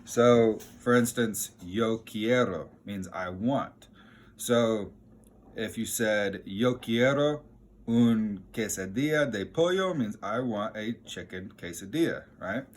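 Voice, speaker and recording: A man with a somewhat low voice teaches a casual lesson in a chatty, relaxed way. He pokes fun at himself as he goes, and his voice lifts brightly whenever he quotes a phrase. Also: takes it slowly. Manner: chatty, self-deprecating, relaxed; lively when quoting Spanish phrases.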